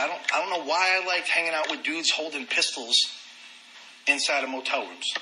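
A man candidly telling his own recovery story, animated and self-deprecating. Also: fairly high pitch, very noisy. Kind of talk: personal testimony talk.

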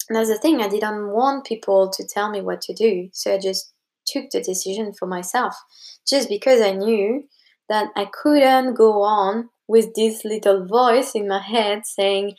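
A woman's voice: mid-range voice, unhurried, a little mellow. A young woman talking casually to camera, giving advice. She rambles, with plenty of fillers and restarts, and acts out what other people said to her.

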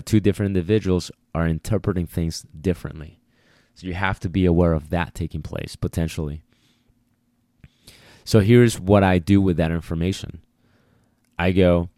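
A man's voice: low voice, mellow, no echo, studio quality. A man who trains dogs, talking casually and repeating himself as he explains puppy biting. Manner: conversational, repeats himself, voices the puppy's thoughts. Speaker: dog trainer. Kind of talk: casual instructional talk.

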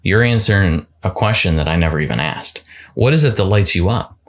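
A man's voice: low-pitched, animated, fairly quick. A man hosting a solo motivational podcast, talking casually and often restarting and repeating words. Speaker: podcast host.

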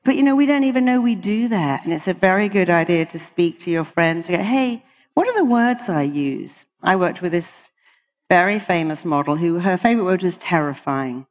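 A woman's voice: lowish voice, animated, normal speed, in a large hall. A British woman, a hypnotherapist, giving an emphatic motivational talk to an audience and quoting people in acted voices. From Britain. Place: large hall with an audience.

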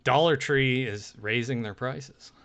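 A man's voice: medium pitch, measured pace, background noise. A man hosting a podcast in casual chat, joking and often repeating words as he goes. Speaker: podcast host.

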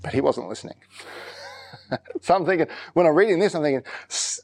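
A man's voice: a little high, sing-song, darkish tone. Man preaching a conversational sermon. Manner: conversational preaching with slow, emphatic scripture reading. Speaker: pastor.

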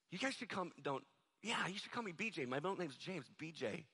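Bright-voiced, joking male preacher. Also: on the high side, lively intonation, fairly quick, slightly rough. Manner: conversational, jokey, acts out quoted voices. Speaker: pastor. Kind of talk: sermon with storytelling and jokes.

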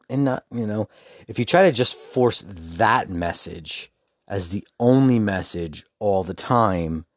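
A man's voice: on the low side, animated, a little slow, dry recording, studio quality. A man hosting his own podcast, talking candidly and informally in a casual solo monologue. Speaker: podcast host.

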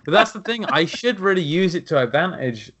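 A man's voice: high voice, animated, fairly quick, a bit bright. A man with a British accent, chatting casually as a podcast co-host in a wry, joking way. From Britain. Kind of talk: casual chat.

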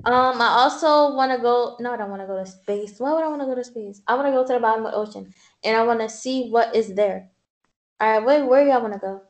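Playful high-voiced young podcast co-host woman. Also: fast talker. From United States. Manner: playful, goofy, silly. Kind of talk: casual podcast chat.

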